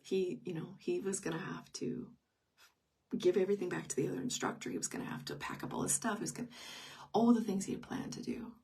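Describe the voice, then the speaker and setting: A woman's voice: on the low side, wildly swooping pitch, fast, vocal fry, a little mellow, husky, far from the mic. A middle-aged woman telling a personal story in an unscripted live stream, intimate and emotional, often dropping to a whisper. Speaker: grief teacher.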